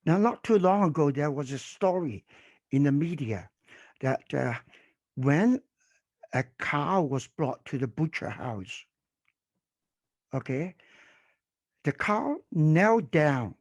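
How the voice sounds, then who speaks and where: Male attendee, higher pitch, slow and halting, dry video-call audio. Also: animated, darkish tone, no room sound. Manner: halting, deliberate phrasing. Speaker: conference attendee asking questions.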